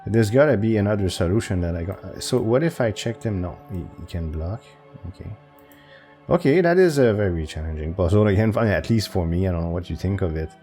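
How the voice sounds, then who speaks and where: A man's voice: animated, brisk, mellow, soft background music. A man thinking aloud while solving chess puzzles for his channel, hesitant and full of restarts. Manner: hesitant, self-talking with restarts and pitch jumps. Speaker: chess video creator.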